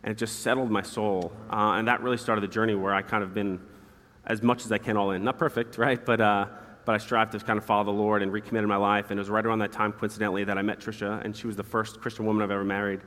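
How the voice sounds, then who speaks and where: A man in his thirties, a guest telling earnest personal stories in an interview, quick and candid. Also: on the low side, flat delivery, fairly bright tone. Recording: hall reverb.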